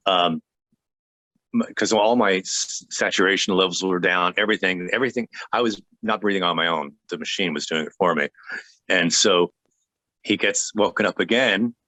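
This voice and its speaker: A man guest telling a personal faith story in an earnest, halting way, with many restarts. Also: deep voice, sharp tone, dry recording.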